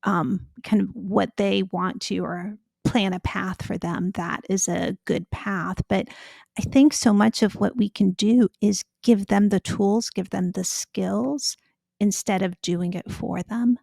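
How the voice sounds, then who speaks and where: A woman guest with a soothing voice carrying a gravelly fry, who talks reflectively and hedges with fillers. Her sound is dry and close to the mic. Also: mid-range voice, fairly even intonation, slow pace, darkish tone, no room sound. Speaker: physician and author guest. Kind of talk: conversational interview.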